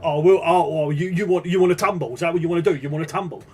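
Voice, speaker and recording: A man's voice: medium pitch, brisk, pitched below the performer's own voice, close to an everyday voice. A man doing a cocky Cockney talking skull. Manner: cheeky, swaggering, streetwise. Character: talking skull gentleman, boastful, rough Cockney.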